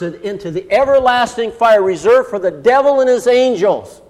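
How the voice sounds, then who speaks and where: A man preaching a sermon, dramatic, slowing down and rising for emphasis. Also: sits high, in a large hall. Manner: dramatic, slows and rises for emphasis. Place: church.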